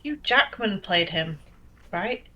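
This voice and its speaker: A woman's voice: medium pitch, expressive, slow, noisy background. A woman from Northern England co-hosting a casual online horror chat show, chatty and full of "um" fillers. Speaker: podcast co-host.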